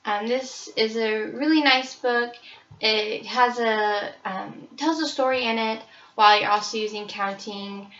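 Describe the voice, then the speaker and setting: Bright-voiced young woman presenting books. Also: on the high side, steady tone, measured pace, distant mic. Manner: casual, with frequent ums. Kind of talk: book review presentation. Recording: roomy, slightly dull recording.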